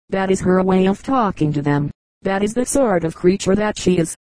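A woman reading an audiobook as narrator in a measured, even storytelling manner. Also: mid-range voice, no echo, poor audio. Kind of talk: scripted narration.

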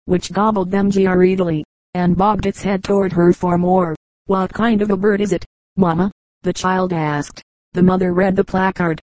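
Flat, mellow-voiced woman reading. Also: lowish voice, no echo, rough recording. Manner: steady, even storytelling delivery. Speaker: audiobook reader. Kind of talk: scripted narration of short jokes.

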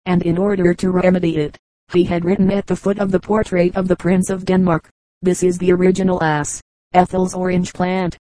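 A woman narrating an audiobook of children's stories in a measured, even reading. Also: on the low side, no echo, poor audio. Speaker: audiobook reader. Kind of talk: storybook narration.

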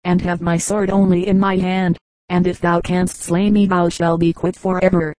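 A woman's voice: on the low side, flat delivery, normal speed, darkish tone, dry recording, close to an everyday voice, rough recording. A woman reading a stern, righteous knight. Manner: stately archaic speech. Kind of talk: audiobook reading.

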